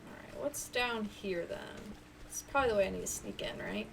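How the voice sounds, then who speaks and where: A woman's voice: mid-range voice, big pitch swings, fairly quick, gravelly, recorded from a distance, slight background noise. Chatty woman streaming a game. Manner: chatty, playful, self-mocking. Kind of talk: casual gameplay chat.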